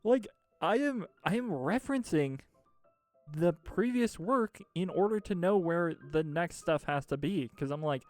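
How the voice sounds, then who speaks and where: Streamer, man, somewhat high voice, rambling and exasperated, swears freely, faint music underneath. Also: lively intonation, unhurried, darkish tone. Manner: exasperated, swears a lot, laughs mid-sentence; rambling with restarts and filler. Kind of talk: casual ranting chat.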